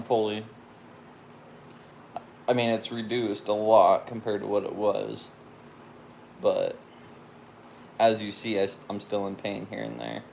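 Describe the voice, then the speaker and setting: A man's voice: fairly low pitch, flat delivery, takes it slowly, vocal fry, pauses often, slight background noise. A man answering viewer questions in a casual chat, plain and matter-of-fact with short answers.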